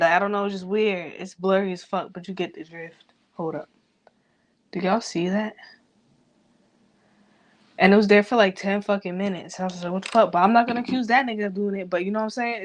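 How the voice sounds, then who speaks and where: A woman talking straight to camera in a personal vlog. She is grieving and rambles from thought to thought, loose and profane. Her talk is unfiltered and drifts all over the place. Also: mid-range voice. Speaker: vlogger.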